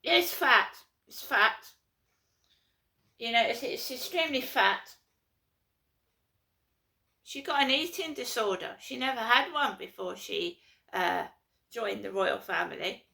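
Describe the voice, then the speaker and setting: A woman's voice: fairly high pitch, lively intonation, measured pace, vocal fry, long pauses, sharp tone. A woman from London, ranting in an aggrieved, repetitive vlog monologue. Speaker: vlogger. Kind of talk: casual to-camera monologue.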